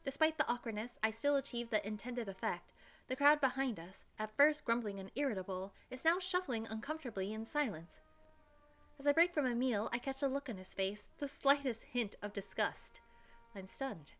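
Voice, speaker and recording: Woman reading as young American spy, brash, brisk defensive retorts, first-person visual novel narration. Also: a little high, lively intonation, a bit bright.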